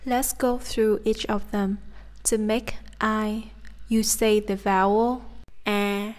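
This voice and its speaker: Woman, Southern Vietnamese accent, language teacher; unhurried, careful, mid-pitched delivery of sounds. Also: a little mellow. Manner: slow, careful, demonstrates sounds. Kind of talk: pronunciation lesson.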